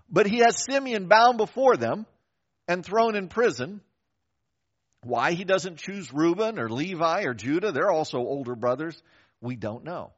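An older man preaching a sermon as a pastor, telling a story in a conversational, animated way and acting out the quoted voices. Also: on the high side. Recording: dull lo-fi recording.

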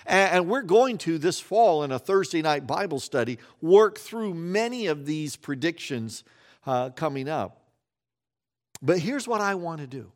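Lively, storytelling male preacher. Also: fairly high pitch, a little slow. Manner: animated storytelling, acting out scenes with sudden quiet drops. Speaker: pastor. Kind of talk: sermon.

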